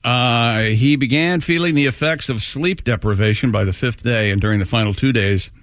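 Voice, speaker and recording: A man's voice: mid-range voice, normal speed, fairly bright tone, no room sound. Man reading an odd story aloud. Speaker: co-host reading odd stories.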